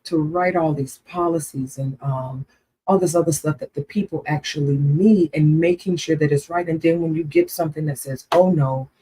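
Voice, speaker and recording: A woman's voice: sits low, steady tone, moderate pace, dark tone, slight background noise, rough recording. A woman co-hosting a casual livestream chat, earnest and repeating herself for emphasis. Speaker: co-host.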